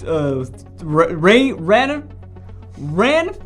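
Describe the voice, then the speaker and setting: A man guest on an improv comedy show, playing a character with halting, stammering talk. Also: sits high, very animated, a bit bright, faint music behind.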